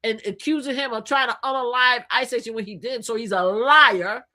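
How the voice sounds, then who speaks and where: Woman streamer, higher voice, fired up and talking right at her viewers. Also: fairly quick. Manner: animated, emphatic, addressing viewers directly. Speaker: livestream host. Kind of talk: opinionated political commentary to viewers.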